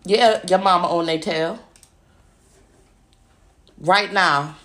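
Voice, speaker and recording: A woman's voice: lowish voice, slow pace, fairly bright tone. A woman hosting a podcast, ranting angrily, swearing a lot and mocking her opponents over and over. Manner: profane, mocking, repeats insults. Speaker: podcast host. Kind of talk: angry ranting monologue.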